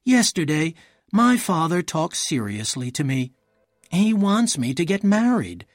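A man reading an audiobook, voicing a tired, languid young nobleman in a raised, husky voice. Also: very animated, a little slow, no echo, studio quality. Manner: tired, languid, higher put-on voice. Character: weary idle young nobleman.

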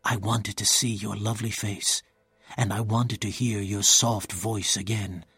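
A man voicing a gallant masked male outlaw, speaking low, hushed and gentle. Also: level tone, measured pace, husky, no room sound, exaggerated voice. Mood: tender.

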